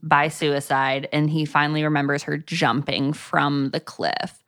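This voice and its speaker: A woman's voice: low-pitched, fairly even intonation, measured pace, a bit bright. Dry, offhand woman podcast co-host. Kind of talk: casual book review chat.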